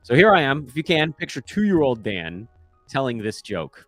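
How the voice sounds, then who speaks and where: A man's voice: medium pitch, very animated, moderate pace, no room sound, soft background music. Offhand self-deprecating man host. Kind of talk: casual commentary. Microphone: microphone.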